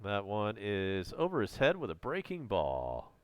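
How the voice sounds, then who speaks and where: A man with a Southern American accent calling live baseball play-by-play as a fan, chatty between pitches and loud on home runs, his voice strained and close to giving out. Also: a little slow, smooth, no echo. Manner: casual, chatty calls with excited home run shouts.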